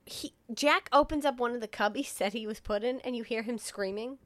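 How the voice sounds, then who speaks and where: A woman's voice: on the high side, brisk, dry recording. Woman co-host, chatty plot recap with acted-out quotes, dry close mic. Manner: animated retelling, acts out characters' lines. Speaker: podcast co-host recapping a film. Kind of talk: casual chat.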